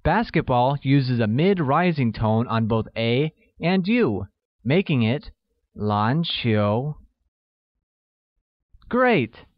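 A man reads a scripted language lesson at an unhurried pace, drawing out each example word. His pitch moves up and down a lot as he praises and quizzes the learner. The recording is dry and a little dull. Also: sing-song, no room sound. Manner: slow, careful delivery with drawn-out example words. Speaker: language teacher.

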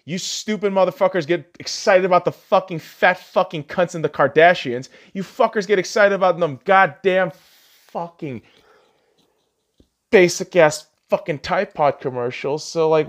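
A man's voice: high voice, dull audio. A young man hosting a solo podcast, ranting profanely and arguing back at himself. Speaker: podcast host.

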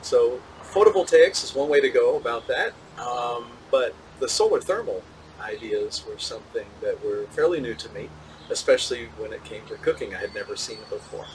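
A man's voice: mid-range voice, lively intonation, normal speed. Physicist guy chatting in an interview, kinda distant from the mic, faint outdoor hiss. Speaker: physicist and solar cooker tester, interview guest. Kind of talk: relaxed interview answers.

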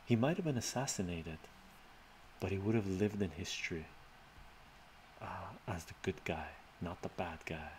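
A man's voice: low-pitched, normal speed, pauses often, slight background noise. A man live streaming and answering his chat in a loose, rambling way, often tagging his points with "right?" and chuckling.

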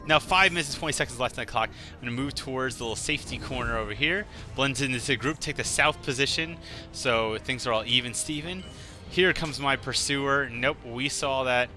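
A man's voice: mid-range voice, fairly quick, bright, forceful tone, soft background music. A man giving casual gameplay commentary, rambling and joking as he tells stories. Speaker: gaming commentator.

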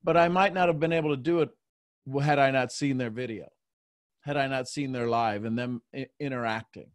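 Calm man hosting, dry sound. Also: mid-range voice, a little fast, dry recording. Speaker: host. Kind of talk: casual live show talk.

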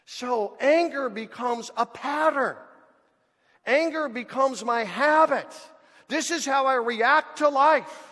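A man preaching a sermon as pastor, animated and speaking to the congregation as folks. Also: extremely high pitch, slow pace. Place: church sanctuary. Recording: church hall with long reverb.

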